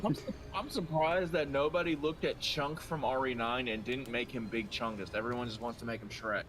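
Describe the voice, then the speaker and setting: A man's voice: medium pitch, brisk, background noise. A man joining a game stream, telling rambling stories in casual banter, swearing and breaking off mid-sentence. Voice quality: animated storyteller, swearing, trailing off mid-sentence.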